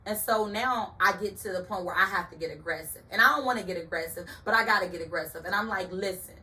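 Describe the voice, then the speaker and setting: Bright, emphatic woman telling a story. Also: medium pitch, quick pace, far from the mic, a little hiss or hum, low-quality recording. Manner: emphatic, animated, addresses listeners directly. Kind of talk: personal storytelling monologue.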